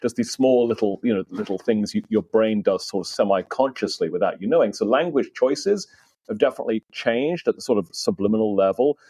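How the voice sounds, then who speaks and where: Low-voiced British man, dry close sound. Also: brisk, mellow, husky, dry recording. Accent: British, softened by years in the US. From Britain. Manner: chatty and self-deprecating, with many fillers. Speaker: guest historian. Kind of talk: casual podcast conversation.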